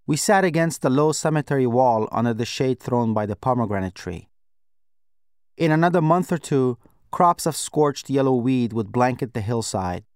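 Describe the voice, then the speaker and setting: A man reads a first-person novel aloud in a steady, measured voice of middle pitch. The recording is dry and close, with no room around the voice. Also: clean tone, no room sound. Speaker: audiobook narrator. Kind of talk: scripted narration.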